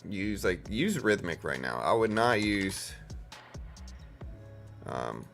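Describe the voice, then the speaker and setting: Deep-voiced man chatting. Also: big pitch swings, takes it slowly, creaky, fairly bright tone, soft background music. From South Louisiana. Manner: rambling, filler-heavy, calls viewers bro and dude. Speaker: live trading stream host. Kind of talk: casual live-stream chat.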